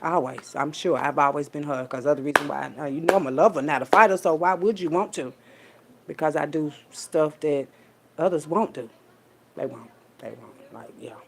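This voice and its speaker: A woman, telling a story in a casual rant full of profanity and swinging between loud, high bursts and low, quiet asides. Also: normal speed, gravelly, a little hiss or hum. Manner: animated, profane, streetwise storytelling with big pitch jumps when quoting people. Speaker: vlogger.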